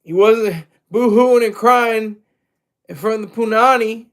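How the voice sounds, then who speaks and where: A man's voice: high voice, measured pace. A man streaming a crude, mocking, rambling commentary rant.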